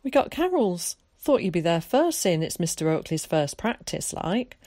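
Woman doing a cheeky, excited village boy. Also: lowish voice, normal speed, dry recording, studio quality. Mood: teasing.

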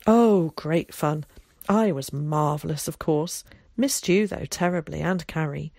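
A woman voicing an excitable, theatrical boy who chatters eagerly. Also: sits low, unhurried, gravelly, no room sound, clean studio sound, exaggerated voice. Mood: chatty.

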